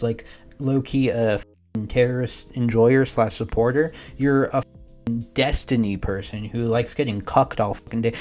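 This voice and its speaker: A young man doing reaction commentary as an online creator, swearing freely and swinging between muttering asides and loud exasperated outbursts. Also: medium pitch. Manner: profane, exasperated, swings from mumbling to yelling.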